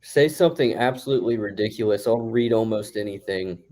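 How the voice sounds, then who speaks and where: A man co-hosting a casual podcast, keeping his remarks short and relaxed while he reads out the viewer chat. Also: on the low side, a little fast. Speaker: podcast co-host reading chat. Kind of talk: casual watch-party chat.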